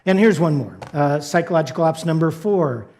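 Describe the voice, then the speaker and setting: A man's voice: fairly high pitch, expressive, fairly quick, a little mellow. A male pastor giving a conversational sermon who often asks his listeners "right?". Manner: conversational, repeats catchphrases, asks the congregation "right?".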